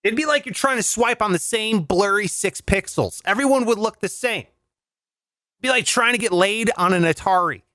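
A man's voice: sits high, moderate pace, dry recording, studio quality. A man performing a sarcastic comic monologue at home, delivering punchy jokes. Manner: sarcastic, punchy joke delivery, lively voice swings. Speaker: comedian host. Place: home, recording alone.

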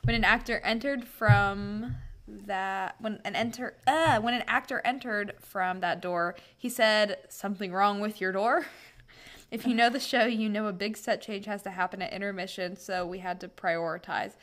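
A woman's voice: medium pitch, steady tone, normal speed, fairly bright tone. A young woman co-hosting a podcast, chatting casually, reading listener stories aloud and laughing often. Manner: laughs often, chimes in with quips. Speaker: podcast co-host.

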